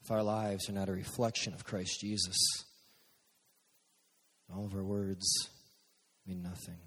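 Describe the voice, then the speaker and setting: A man's voice: low-pitched, little pitch movement, measured pace, fairly bright tone. A man preaching a conversational sermon to young listeners, speaking directly to them. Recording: long hall reverb.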